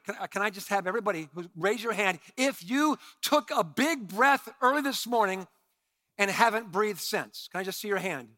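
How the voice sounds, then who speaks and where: Fiery preacher with a bright, high voice. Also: male voice, no echo. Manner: passionate, swings between shouting and quiet asides; calls on the congregation to respond. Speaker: pastor. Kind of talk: sermon.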